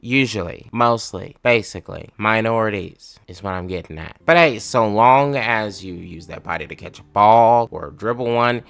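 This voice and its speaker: A man's voice: fairly low pitch, moderate pace, vocal fry, hardly any pauses, a bit bright. A man hosting a comedic political video, ranting sarcastically and swearing freely. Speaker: video host.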